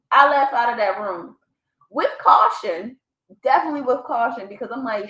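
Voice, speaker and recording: A woman vlogger casually telling a personal story to camera, swearing freely and breaking into laughter. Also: on the high side. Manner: profane, animated retelling with bursts of laughter. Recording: echoey room, slightly dull sound.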